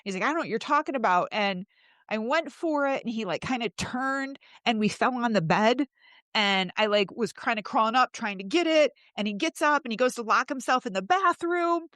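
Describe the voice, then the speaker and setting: A woman's voice: on the high side, moderate pace, fairly bright tone, no room sound. A woman hosting a podcast, telling her own story candidly and emotionally, with swearing, and raising her voice when she acts out her past pleas. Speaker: host.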